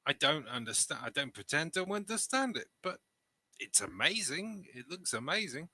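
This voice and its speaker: A man's voice: fairly high pitch, big pitch swings, moderate pace, sharp tone, husky, dry recording. A man playing in a tabletop game, earnest and wide-eyed. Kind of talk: tabletop role-play.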